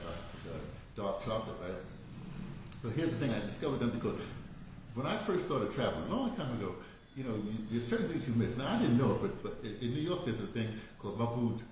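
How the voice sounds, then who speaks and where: A man's voice: on the low side, a little mellow, slight background noise. Rambling older man in an echoey room. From United States. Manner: digressive, laughing, many restarts. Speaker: vlogger. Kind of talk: rambling casual monologue.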